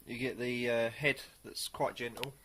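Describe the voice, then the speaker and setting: Man, casual beer reviewer, rambling and unhurried, mid-range voice. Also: medium pitch, flat delivery, a bit bright, a little hiss or hum. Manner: rambling, hesitant, many pauses.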